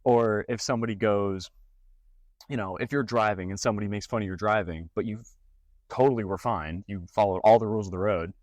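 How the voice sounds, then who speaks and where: Speaking fairly quickly in a lowish voice with no echo, a young content creator focused on fitness and gaming gives laid-back advice. He tells animated stories and acts them out with mocking voices.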